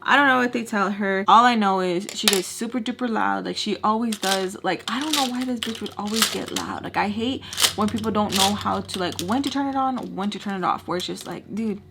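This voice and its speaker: A woman's voice: medium pitch, a little fast, vocal fry, background noise. A woman telling a storytime on her vlog in casual chat, blunt and exasperated, leaning on "like" and swearing freely. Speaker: storytime vlogger.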